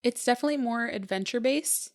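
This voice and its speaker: A young woman co-hosting a podcast in casual chat, easygoing and quick to murmur agreement. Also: fairly high pitch. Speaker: podcast co-host.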